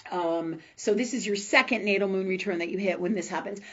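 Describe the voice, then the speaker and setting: A woman's voice: medium pitch, fairly quick, fairly bright tone, lo-fi sound. A woman hosting a live spiritual talk forum, chatting casually with viewers in a blunt, rambling way, swearing freely and often asking "right?". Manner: rambling, with many fillers and tag questions.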